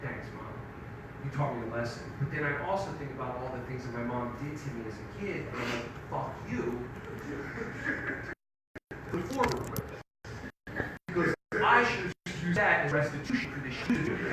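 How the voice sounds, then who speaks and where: A middle-aged man doing a live stand-up set, telling animated, profane stories and acting out quotes. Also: a little high. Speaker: stand-up comedian. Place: live theater stage. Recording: echoey hall from far off, audible audience noise.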